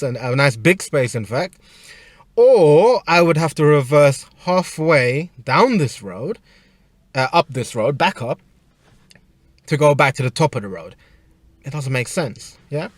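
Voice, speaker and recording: A man, a personal trainer, telling a casual story in a rambling, animated way with frequent restarts. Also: on the high side, no room sound.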